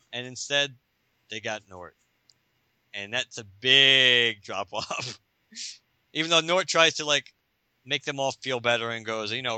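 Male podcast host, animated comic recap, very bright tone, dry close mic. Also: mid-range voice, a little slow, clear, resonant tone, dry recording. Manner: animated, laughing, acting out scenes. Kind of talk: casual comic-book recap.

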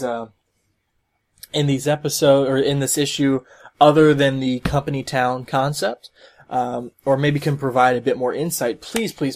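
A man hosting a solo podcast, commenting in a rambling way with many fillers and restarts. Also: medium pitch. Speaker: podcast host.

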